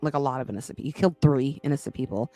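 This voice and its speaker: A woman's voice: a bass voice, racing, dark tone. A woman hosting a casual podcast chat, talking in a frank, rambling way and often breaking off mid-sentence to restart. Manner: rambling, frank, self-interrupting. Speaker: podcast host.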